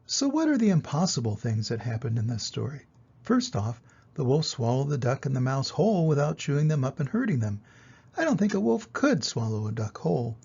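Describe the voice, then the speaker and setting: An older man reads a picture book to children in an unhurried, gentle way. His voice is gravelly and husky with a lively, sing-song pitch, and the recording is dull and lo-fi. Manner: gentle, explanatory. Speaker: grandfather storyteller.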